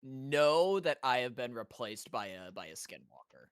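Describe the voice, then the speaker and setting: Very deep-voiced joking woman player. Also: lively intonation, clear, resonant tone. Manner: joking, swearing, quick banter. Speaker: tabletop game player. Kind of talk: casual chat during a tabletop game stream.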